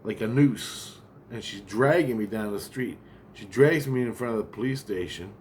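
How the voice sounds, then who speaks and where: A man's voice: on the low side, normal speed, a little hiss or hum. A man telling a long account of a dream in a rambling, profane way, with many restarts and asides. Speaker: vlogger.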